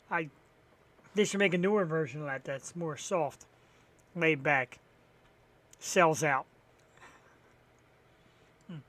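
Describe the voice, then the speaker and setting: A man's voice: fairly high pitch, fairly bright tone. A man hosting a live online talk show on his own, rambling casually with wry, profane asides. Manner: rambling, profane and wry, sarcastic about sports. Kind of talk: solo live-stream chat filling time.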